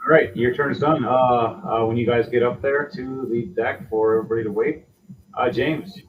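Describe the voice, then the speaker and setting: A man's voice: mid-range voice, fairly even intonation, moderate pace, far from the mic, slight background noise. A man running a tabletop game as game master, narrating in a loose, casual way. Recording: dull lo-fi sound with faint music.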